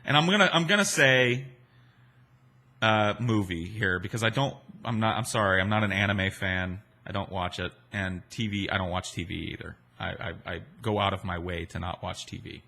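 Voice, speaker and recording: A man's voice: lowish voice, normal speed, bright, forceful tone. A man in his forties, a podcast host, telling stories and answering listener questions in a rambling, profane, self-deprecating way. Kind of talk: casual storytelling chat.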